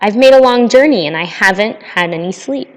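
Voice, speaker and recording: A woman's voice: medium pitch, expressive, a little fast, natural voice. A woman voicing a timid, curious young prince in a storybook, asking questions hesitantly. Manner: timid, wondering. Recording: long reverb.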